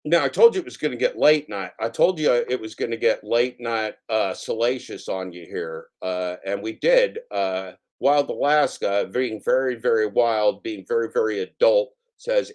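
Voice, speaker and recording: A man's voice: lowish voice, normal speed, hardly any pauses, a little mellow. Joking man hosting a clip reaction. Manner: playful, jokey mock warnings. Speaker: host reacting to clips. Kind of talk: casual live commentary.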